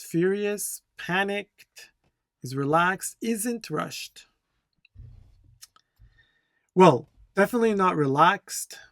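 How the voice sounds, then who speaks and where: A man's voice: fairly high pitch, no echo, clean studio sound. A man instructor working through test answers, repeating key words and reading the dialogue lines aloud. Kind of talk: tutorial explanation.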